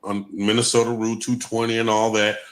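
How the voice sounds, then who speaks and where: A man's voice: on the low side, little pitch movement, a little fast. A man hosting a casual live stream, talking to viewers and repeating his main points for emphasis.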